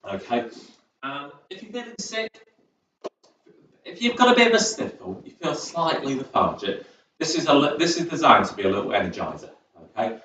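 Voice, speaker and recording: Chatty fitness instructor. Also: male voice, on the high side, very animated, normal speed, pushed and bright, a little hiss or hum. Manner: chatty, encouraging, rambling asides. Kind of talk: chair exercise class instruction. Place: community sports centre. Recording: echoey hall, distant, dull sound.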